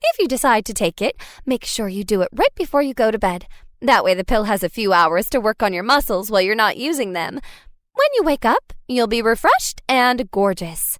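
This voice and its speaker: Woman voicing a cheery sing-song hostess for an audiobook, high and bouncy. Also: sing-song, normal speed, a bit bright, no room sound, clean studio sound. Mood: chirpy. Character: perky woman guide, chirpy hostess.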